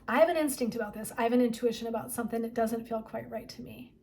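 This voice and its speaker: A woman speaks as a wellness coach and therapist, giving a motivational talk straight to her viewers. Her voice sits a bit higher than most, and her delivery is chatty and emphatic. She leans on "like" and keeps checking in with "right?". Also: fast, a little mellow, slight background noise. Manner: chatty and emphatic, frequent 'like' and 'right?'.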